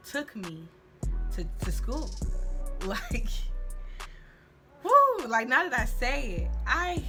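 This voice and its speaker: Young woman, vlogger, candid and slangy, music under the voice. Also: mid-range voice. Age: young adult. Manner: candid, faith-centered, slangy. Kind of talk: personal storytelling vlog.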